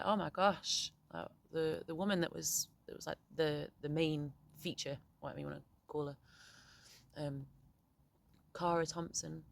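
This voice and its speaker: A young woman speaks straight to camera in a candid, unguarded monologue. Her voice sits a little low, and she swears freely, stopping and restarting her sentences as she goes. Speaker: poet and vlogger. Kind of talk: emotional casual monologue.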